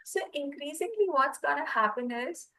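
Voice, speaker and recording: A woman teaching a Reiki class, telling personal stories in a lively way and acting out the voices of the people in them. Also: high-pitched, moderate pace, rough recording. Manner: lively storyteller, acts out quoted voices.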